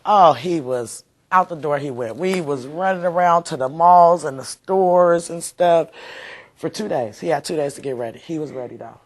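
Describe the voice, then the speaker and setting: Talking at normal speed in a low-sitting voice, a woman shares heartfelt memories as a mother in an interview. She rambles and uses plenty of fillers as she recalls things emotionally.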